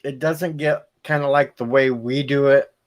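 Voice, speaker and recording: A man's voice: mid-range voice, fairly even intonation, normal speed. A man in casual chat on his stream, quippy and teasing.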